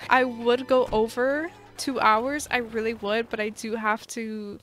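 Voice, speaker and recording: Slow-talking excitable woman streamer. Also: fairly high pitch, soft background music. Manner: chatty and excitable, talking to viewers. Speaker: gaming streamer. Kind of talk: casual gameplay commentary.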